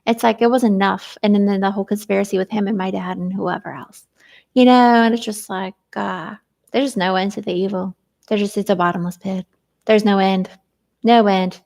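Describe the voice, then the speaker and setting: Woman, casual vlog, rambling, lots of fillers, gravelly, mid-pitched. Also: fairly even intonation, brisk, a little mellow. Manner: venting, hesitant with many fillers. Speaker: vlogger.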